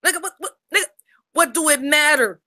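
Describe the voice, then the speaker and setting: A woman voicing a hot-headed, broke young man who hides out at his grandma's and talks profanely, hushed through his teeth, in a comedic improv impression. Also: high-pitched, fairly quick. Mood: defiant.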